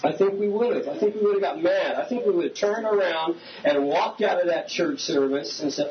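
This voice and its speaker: Speaking briskly with few pauses, this man's voice sits on the high side as he preaches to his congregation like a pastor in conversation, often asking them questions. There's a faint hiss, and the audio is slightly dull.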